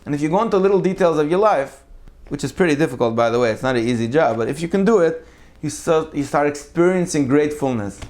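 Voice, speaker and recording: A man delivers a sermon as a storyteller. His voice climbs and falls sharply as he acts out the people in his stories, then drops low and quiet at the tender moments. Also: quick pace. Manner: animated, acts out quotes with big pitch jumps. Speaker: rabbi giving a Torah class.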